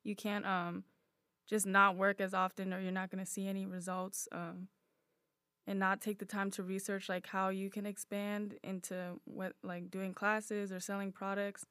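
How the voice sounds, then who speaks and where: A woman's voice: medium pitch, little pitch movement, normal speed, fairly bright tone, clear, resonant tone, no echo, clean studio sound. A young woman co-hosting a podcast, talking easily in casual chat with many fillers. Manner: easygoing, thoughtful, many "um" and "like" fillers. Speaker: podcast co-host.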